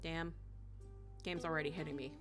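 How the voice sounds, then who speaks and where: A woman's voice: sits low, steady tone, moderate pace. Giggly young woman streamer over game music. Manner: chatty and giggly, peppered with "like". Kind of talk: casual live-stream chat while gaming.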